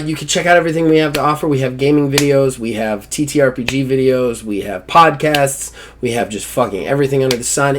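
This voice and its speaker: A man's voice: medium pitch, a bit bright, a little hiss or hum. A man hosting a gaming podcast in casual, upbeat chat, swearing now and then as he runs through plugs. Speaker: podcast host.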